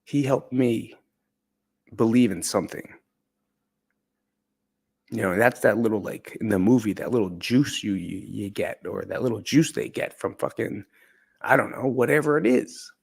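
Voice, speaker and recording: A man's voice: lowish voice, moderate pace, gravelly, pauses often, slightly rough. A man candidly telling a personal story in a conversational, profane way. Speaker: podcast speaker.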